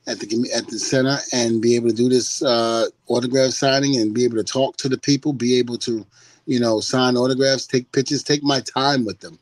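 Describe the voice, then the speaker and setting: An older man from the United States, a podcast guest telling stories in a loose, animated way, laughing often and swearing freely. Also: mid-range voice, dry recording. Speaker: guest, former wrestler. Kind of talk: casual podcast chat.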